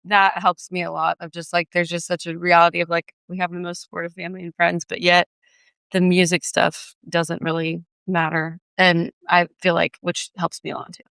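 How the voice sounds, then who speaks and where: A woman's voice: fairly low pitch, little pitch movement, normal speed, gravelly, a bit bright, clean tone, no room sound. A young woman, a singer, talking casually as a guest, chatty and full of fillers. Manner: chatty, many fillers, laughs easily. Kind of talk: casual conversation.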